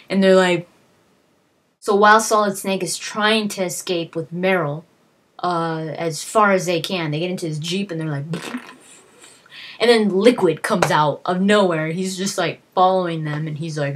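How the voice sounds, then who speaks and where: A young woman talks her way through a game's story in a loose, rambling style. Her voice is a little husky and sits low for a woman. She keeps doubling back with fillers and restarts as she goes. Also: steady tone, moderate pace. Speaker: video creator retelling a game plot. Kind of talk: casual plot recap.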